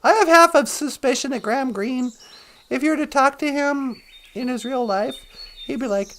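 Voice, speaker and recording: A man's voice: very high voice, normal speed, a bit bright. A man hosting a podcast, rambling through a goofy comic story with playful silly asides. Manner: goofy, playful, doing silly voices and sound effects. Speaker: podcast host.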